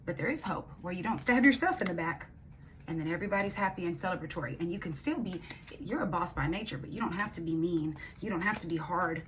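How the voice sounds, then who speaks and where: A woman's voice: on the low side, fairly quick, fairly bright tone, a little hiss or hum. A young woman giving a casual tarot reading, blunt and emphatic, swearing freely as she talks straight to the viewer. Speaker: tarot reader.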